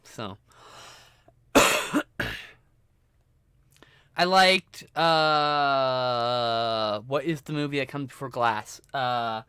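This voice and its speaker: A man's voice: medium pitch, very slow, pauses often, sharp tone, clear, resonant tone, no echo, clean studio sound. A man streaming live, ranting casually and profanely about movies while working through his film collection. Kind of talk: casual livestream rant.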